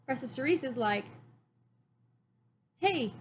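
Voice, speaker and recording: Rambling woman vlogger, a bit high. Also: moderate pace, fairly bright tone, a little hiss or hum. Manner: rambling, heavy use of "like". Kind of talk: casual chat recapping a cartoon.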